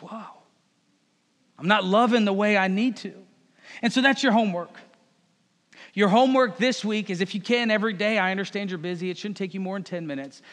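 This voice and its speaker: A pastor with a high-pitched, slightly bright voice delivers a conversational sermon, speaking directly to his congregation and calling them "folks" and "y'all." A long hall reverb hangs on the recording.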